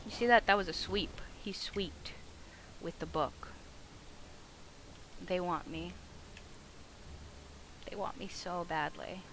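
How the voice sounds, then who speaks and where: A woman streamer giving casual gameplay commentary, excitable and swearing, yelling at the game. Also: lowish voice, takes it slowly, pauses often, noisy background.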